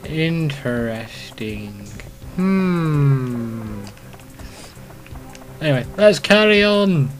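A young man giving rambling, profane commentary while playing a video game, excitable and talking to himself. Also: on the high side, extremely slow, long pauses, faint music behind. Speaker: let's play host. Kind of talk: casual gameplay commentary.

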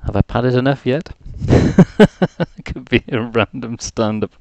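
This North East England man, mildly Geordie-accented, hosts a live music stream, rambling in a jokey, self-deprecating, chatty way to pass time. His medium-pitched, creaky voice is steady and unhurried, and the recording is muffled but free of echo.

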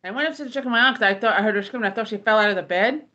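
A woman's voice: fairly high pitch, racing, bright, forceful tone, lo-fi sound. A woman casually telling a personal story, rambling and stumbling over her words, swearing freely. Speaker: ASMR creator.

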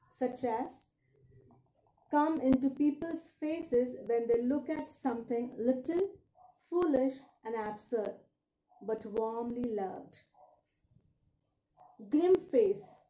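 Slow, patient woman English teacher. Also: high voice, warm tone, a little hiss or hum. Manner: slow, patient explaining of word meanings. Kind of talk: livestreamed reading lesson. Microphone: phone. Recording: echoey room.

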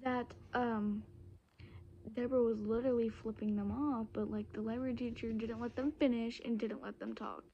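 A woman's voice: fairly high pitch, steady tone, normal speed, warm tone, muffled recording, slight background noise. A teenage girl, rambling through a casual storytime vlog with lots of fillers and restarts, close to a phone camera.

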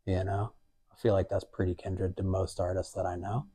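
Man, young adult, artist, very low voice, husky, relaxed rambling talk. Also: normal speed. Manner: rambling, many fillers and quoted asides. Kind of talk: casual conversational talk. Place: art museum gallery.

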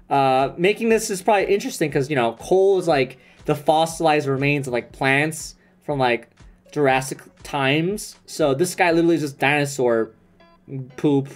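A young man live-streaming a card pack opening, chatting excitedly with viewers and swearing casually. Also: a little high. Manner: excitable, swearing, quick asides to chat. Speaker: streamer opening trading cards.

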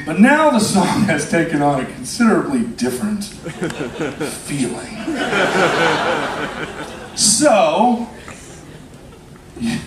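A male musician jokes drily with a live crowd, measured and unhurried, pausing on his fillers. His voice sits high, and the sound is roomy and caught from a distance. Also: big pitch swings, loud music behind the voice. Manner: dry, wry, deliberate with many uh fillers. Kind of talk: live stage banter. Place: live show on a cruise ship. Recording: echoey live room, distant mic.

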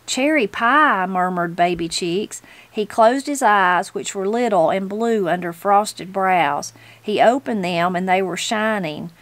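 A woman's voice: medium pitch, a little slow, hardly any pauses, dry recording. A woman, reading a novel aloud as host of her channel. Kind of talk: storybook reading.

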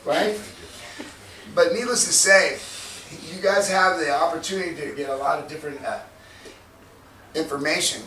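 A man with a high voice teaches a jiu-jitsu seminar in a casual, profane way. He acts out each move with sound effects. The camera catches him from far off in an echoey room with steady noise underneath.

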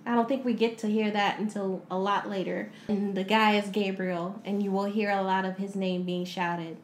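A woman's voice: mid-range voice, flat delivery, normal speed, roomy sound, slight background noise. A woman co-hosting a casual podcast, animatedly recapping a movie, laughing often and acting out the characters. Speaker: podcast co-host.

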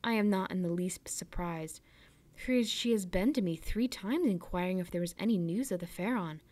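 A woman's voice: fairly low pitch, moderate pace, a little mellow, natural voice. A woman reading the part of a kindly middle-aged male ship owner, fatherly and encouraging in manner. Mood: genial.

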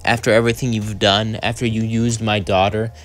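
A man's voice: on the low side, flat delivery, brisk, soft background music, lightly acted. A man voicing a stern, grim father king in a fan story.

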